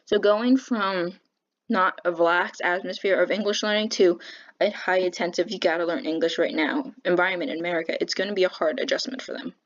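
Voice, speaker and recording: Young woman giving a flat class presentation. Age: young adult. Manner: halting, with fillers and self-corrections; says she speaks with a flat pitch. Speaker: education student presenting. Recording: dull lo-fi recording.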